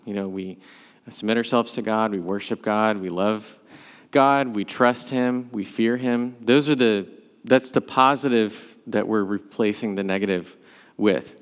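A man's voice: lowish voice, fairly even intonation, unhurried. A man leading a Bible study class, talking through the passage conversationally and thinking aloud as he goes. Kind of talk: leading a church class discussion. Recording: long hall reverb.

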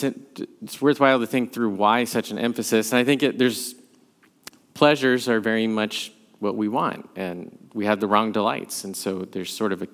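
A man leading a Bible study class, talking through the passage conversationally and thinking aloud as he goes. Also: mid-range voice. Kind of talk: leading a church class discussion. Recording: long hall reverb.

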